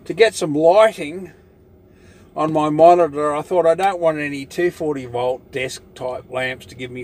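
An older Australian man holds forth in a loose, meandering monologue, swearing constantly and scattering "you know" through every thought. His voice sits slightly high for a man, and faint noise runs under the recording. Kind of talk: rambling casual monologue.

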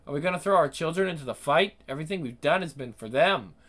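A man's voice: a little high, lively intonation, fast, a bit bright. An actor playing a cornered father who talks with urgent, strained protectiveness. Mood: desperate. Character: desperate middle-aged father under pressure. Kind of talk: dramatic acting.

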